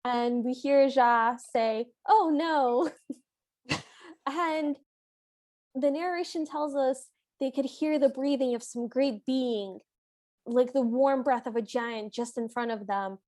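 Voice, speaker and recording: A woman's voice: high voice, slow, darkish tone. A young adult woman co-hosting a podcast, chatting enthusiastically about a film and laughing easily. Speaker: podcast co-host. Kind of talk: casual recap chat.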